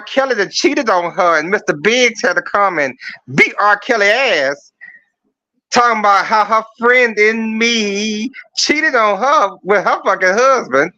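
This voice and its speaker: A man's voice: high-pitched, sharp tone. A man calling in with a profane, mocking comedic rant, telling stories about a scandal. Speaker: caller. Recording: dull lo-fi dry sound.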